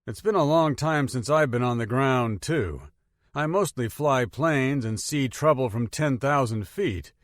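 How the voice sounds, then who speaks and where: A man voicing a steady, commanding male Air Force pilot in an audiobook. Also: medium pitch, a little slow, no echo, studio quality, natural voice. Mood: firm. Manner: curt, commanding.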